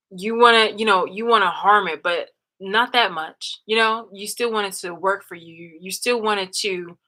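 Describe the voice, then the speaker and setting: A woman's voice: mid-range voice, sharp tone, rough recording. A woman telling a personal story in a casual, rambling way from a room in her home, blunt and full of fillers and restarts. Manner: blunt, profane and emphatic. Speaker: vlogger.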